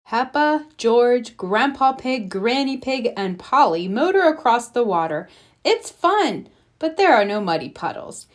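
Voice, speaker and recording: Slow, singsong woman reading a storybook. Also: on the high side. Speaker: storybook reader. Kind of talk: children's read-aloud narration.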